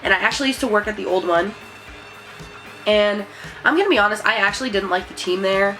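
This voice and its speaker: A young woman chats to camera in a loose, rambling vlog manner, stringing thoughts together with plenty of fillers. Her voice sits at an ordinary pitch for a woman. Soft music plays faintly underneath. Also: fairly quick, rough recording. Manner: chatty, rambling, many fillers and likes. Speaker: vlogger. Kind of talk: casual chat to camera.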